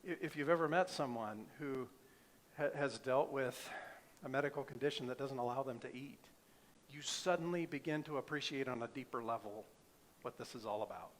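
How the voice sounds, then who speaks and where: A man's voice: mid-range voice, brisk, slight background noise. A middle-aged male pastor preaching a sermon, emphatic, asking the congregation rhetorical questions.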